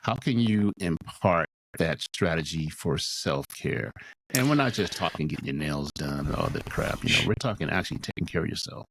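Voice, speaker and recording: A man's voice: extremely low pitch, expressive, normal speed, fairly bright tone. A man hosting a podcast, asking plain, direct questions and giving short acknowledgements. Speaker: podcast host. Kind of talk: casual interview chat.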